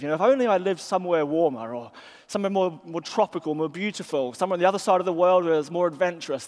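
A man with a New Zealand accent preaches in an easy, conversational way, slipping into anecdotes. His voice sits high for a man. The sound carries the long reverb of a church hall. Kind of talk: sermon.

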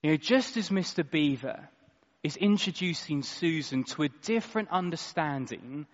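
A man preaching a sermon in a church hall, expressive and dramatic, moving between loud and quiet. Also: fairly high pitch, normal speed. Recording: echoey hall, slightly dull sound.

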